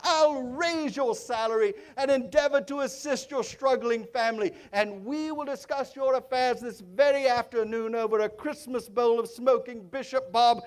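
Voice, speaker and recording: A man acting out an old reformed miser, bubbling with giddy delight at one moment and murmuring low and tender the next. The stage telling is theatrical, full of chuckles and sweeping leaps of pitch. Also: moderate pace, hardly any pauses. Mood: mock-stern jovial. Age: older. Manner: exuberant, chuckling, switches between high excitement and low hushed narration. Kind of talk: theatrical storytelling monologue.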